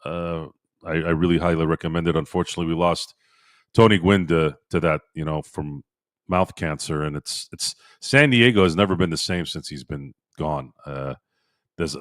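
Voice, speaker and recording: A man with a bass voice hosts a casual sports live stream, answering viewers' comments by name while rambling and repeating himself. His intonation is fairly even and his speed normal. It's a dry, studio-quality recording made on a streaming microphone.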